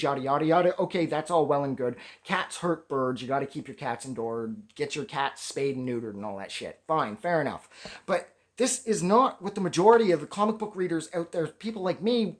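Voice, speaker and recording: A man's voice: a little high, normal speed. A man giving a casual, rambling review of a comic book. He swears often and sounds exasperated. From Canada. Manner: animated, rambling, profane, exasperated.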